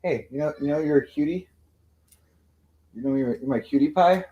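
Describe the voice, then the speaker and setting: A man's voice: fairly high pitch, normal speed, mellow, muffled recording. A man hosting a livestream, cooing affectionate baby talk to his cats between remarks to the chat. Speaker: livestream host.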